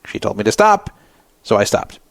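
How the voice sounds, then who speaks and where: A man's voice: fairly low pitch, normal speed, gravelly, no echo. Man telling a story on a radio show. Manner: animated, acts out the people he quotes. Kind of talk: first-person storytelling.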